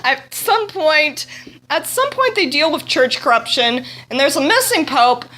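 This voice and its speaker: A woman's voice: high-pitched, sing-song, measured pace, sharp tone. A young woman rambling through a joking, sarcastic retelling, often laughing, recorded on a phone. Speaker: storyteller.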